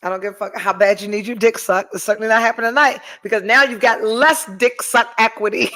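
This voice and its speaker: A woman's voice: a little high, steady tone, fast, few pauses, sharp tone. A middle-aged woman hosting a podcast, telling a story in casual chat and reading viewer comments, blunt and profane. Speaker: podcast host.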